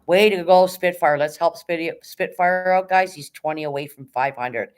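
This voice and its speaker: A woman hosting a casual livestream, reading chat and cheering viewers on in a hyped, rapid auctioneer-like patter, swearing now and then. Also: sits low. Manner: chatty, encouraging, swears casually. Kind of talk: casual live-stream chat.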